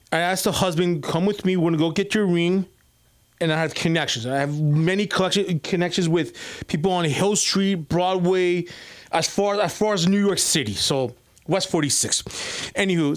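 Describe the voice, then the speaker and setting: A man doing stand-up at an open mic, telling a rambling story full of restarts and fillers. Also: high voice.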